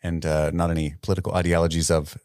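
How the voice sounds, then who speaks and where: A man's voice: low-pitched, level tone, quick pace, a little mellow, dry recording, clean studio sound. A man co-hosting a podcast in casual chat, chatty and laughing often, sometimes reading listener emails aloud. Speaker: podcast co-host.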